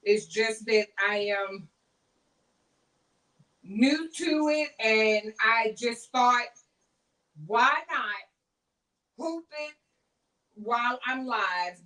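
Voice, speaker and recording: A woman's voice: on the high side, a bit bright. An older woman hosting a live embroidery tutorial, chatty and laughing as she exclaims to herself. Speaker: embroidery channel host. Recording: voice a bit distant from mic.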